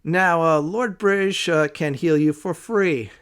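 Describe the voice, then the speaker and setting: A man's voice: on the high side, a little slow, fairly bright tone, clear, resonant tone. A man hosting a casual let's play video, rambling through his gameplay commentary with frequent "uh" fillers.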